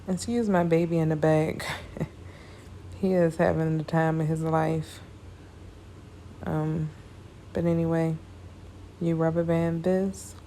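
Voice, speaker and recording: A woman with a low, gravelly voice walks viewers through a braiding tutorial in a relaxed, chatty way. She sounds tired and speaks in a flat, even tone. Faint background noise sits under her voice. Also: takes it slowly, long pauses. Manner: casual, chatty, addresses viewers as y'all. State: tired, yawning. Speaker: hair braider. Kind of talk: hair tutorial talk.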